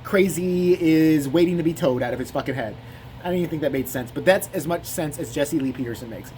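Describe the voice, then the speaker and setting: A man's voice: on the high side, darkish tone, slight background noise. A man giving rambling, profane comic commentary on a video. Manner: rambling, profane, laughing asides.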